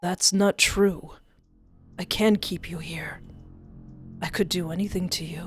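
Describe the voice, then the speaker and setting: A woman reading the part of a soft-spoken, menacing young man from a visual novel, in a slow, half-whispered voice. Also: fairly low pitch, fairly even intonation, faint music behind, lightly acted. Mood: soft menace. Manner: slow, wistful menace turning to bitter outbursts.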